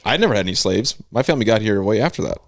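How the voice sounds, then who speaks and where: A man hosting a casual comedy podcast, talking in a deadpan, provocative way. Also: on the low side, very fast, no echo. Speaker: host.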